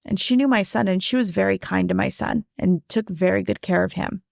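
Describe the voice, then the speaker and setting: Gravelly-voiced woman podcaster in her thirties. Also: mid-range voice, fairly even intonation, quick pace, few pauses, dry recording, studio quality. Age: 30s. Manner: casual, conversational, frequent "like" and "right?". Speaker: podcast host. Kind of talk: personal storytelling monologue.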